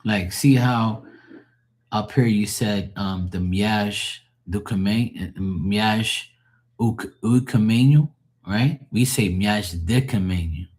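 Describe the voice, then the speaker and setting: This streamer's fairly low, slightly mellow voice moves slowly as he hangs out with viewers, loose and chatty. He explains how languages differ, throws in the occasional swear word, and is quick to laugh.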